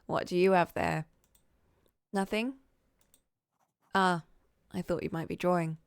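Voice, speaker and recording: A woman's voice: fairly low pitch, fairly even intonation, measured pace, smooth. A woman reading the lines of an older mother who dotes and nags, in her own voice. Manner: gently scolding, doting. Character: older Irish mother, fretting and nagging. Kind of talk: reading game dialogue aloud.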